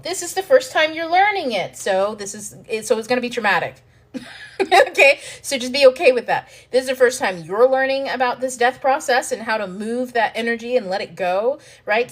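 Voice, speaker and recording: A woman hosting a self-help video, explaining ideas in a frank, animated way, swearing freely and acting out panicked inner voices. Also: fairly high pitch. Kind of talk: casual teaching monologue to camera.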